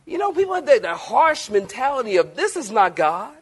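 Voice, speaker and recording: Preaching in a church, this man swings from booming emphasis to tender, quiet lines and trades jokes with his listeners. He sounds very high-pitched and slightly rough, talking fairly fast with few pauses.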